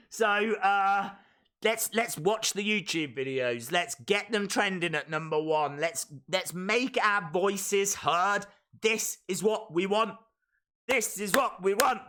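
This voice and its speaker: A man hosting a live reaction stream outdoors in a field, excitable and bursting into shouts. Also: high voice, takes it slowly. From England.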